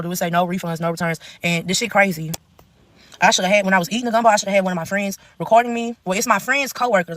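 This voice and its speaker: Rapid-fire profane woman ranting. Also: medium pitch, dry recording. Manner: blunt, profane, rapid run-on storytelling. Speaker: TikTok storyteller. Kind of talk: casual storytime rant.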